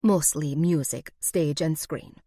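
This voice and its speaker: A woman's voice: fairly low pitch, expressive, measured pace, darkish tone, no echo, clean studio sound. A woman reading an audiobook, voicing a waitress with a thick Eastern European accent who speaks blandly and matter-of-factly.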